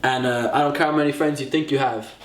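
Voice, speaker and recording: A man's voice: mid-range voice, fairly even intonation, quick pace, a little hiss or hum. A young man talks casually and rambles with lots of fillers in a documentary interview about his sport. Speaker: freestyle footballer. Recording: roomy echo.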